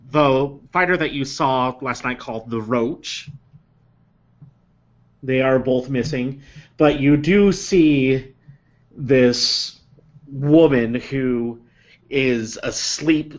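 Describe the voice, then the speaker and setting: A man running a tabletop game, describing scenes slowly and haltingly, often stopping to search for words. His voice sits at a middling pitch. The audio is dull and lo-fi, like an online call. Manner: unhurried, halting, with many ums. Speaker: game master.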